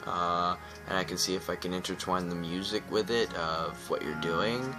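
A man's voice: low voice, fairly even intonation, moderate pace. Sleep-deprived young man, rambling and goofy. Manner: rambling and goofy, hyper, jumps between silly voices and mock poetry. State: exhausted from lack of sleep. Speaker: gaming YouTuber. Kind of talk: rambling casual vlog talk. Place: indoors at home, at night into dawn. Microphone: webcam close to the face. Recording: music playing behind.

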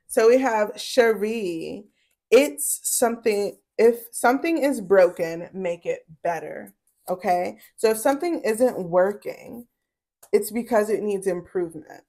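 A woman's voice: mid-range voice, expressive, measured pace, warm tone. A woman giving a casual tarot reading to camera. She is blunt and profane, preaching with emphasis and stretching her words to drive points home. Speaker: tarot reader.

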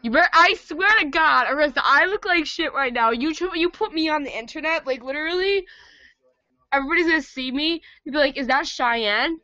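A teenage girl with a bright, forceful voice chats loudly with a friend, swearing freely and bursting into shouts. The sound is dull and lo-fi, like a screen recording. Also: high voice, fairly quick, no echo. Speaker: student chatting with a friend. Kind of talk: casual chat on a call.

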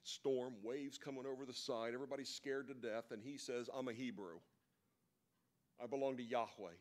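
A man's voice: medium pitch, fairly even intonation, normal speed. Man preaching in a conversational storytelling style. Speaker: speaker at a men's breakfast. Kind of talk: sermon.

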